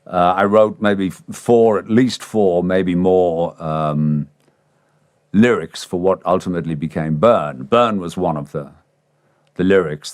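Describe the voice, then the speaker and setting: A man's voice: deep voice, dry recording. Older English man telling a story. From England. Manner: animated, acts out quoted voices. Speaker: interviewee. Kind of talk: casual storytelling.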